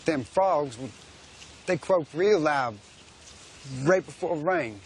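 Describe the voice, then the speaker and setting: An actor playing a gentle, simple-spoken rural father, patiently explaining. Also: a little high, animated, takes it slowly, slight background noise.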